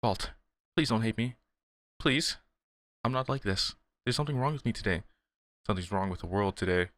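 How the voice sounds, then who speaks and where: A man reading the lines of a shy, formal teenage girl from a visual novel in a low, plain voice. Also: lively intonation, normal speed, a bit bright, no echo. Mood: pleading. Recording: game music behind.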